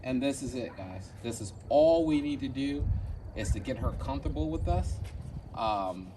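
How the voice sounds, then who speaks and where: A man working as a dog trainer, talking through a casual training demonstration step by step and often checking in with a quick "right?" He is recorded outdoors. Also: expressive. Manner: switches to a high squeaky praise voice for the dog. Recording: distant mic with background noise.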